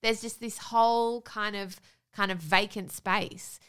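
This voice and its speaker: A woman co-hosting a podcast in casual chat, chatty and animated, laughing often as she tells stories. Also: mid-range voice, measured pace, smooth. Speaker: podcast co-host.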